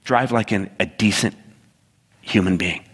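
Male pastor, low-pitched, storytelling sermon voice with animated asides, reverberant church hall. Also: unhurried, breathy edge.

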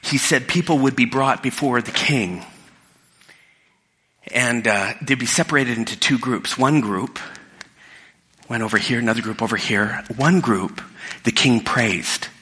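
A man's voice: mid-range voice, a little slow, pauses often, pushed and bright. A middle-aged man preaching a sermon in a casual storytelling way, often restarting his sentences, recorded in a church hall. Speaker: pastor. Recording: long hall reverb.

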